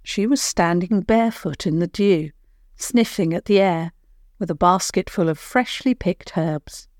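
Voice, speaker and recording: Woman reading a kids' bedtime story, real slow and calm, lowish voice, dry close mic. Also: dry recording. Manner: slow, soothing, unhurried.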